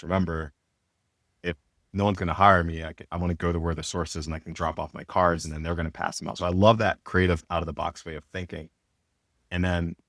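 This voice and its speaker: A man's voice: sits low, no room sound, studio quality. A middle-aged man and company founder, telling his career story in a casual interview with loose, rambling talk full of fillers and restarts. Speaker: podcast guest, apparel company founder.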